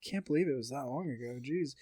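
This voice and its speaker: A man's voice: medium pitch, fast talker, dark tone, slightly rough, dry recording, studio quality. A man co-hosting a casual podcast, rambling through fight news with lots of fillers and reading quotes aloud. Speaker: podcast co-host.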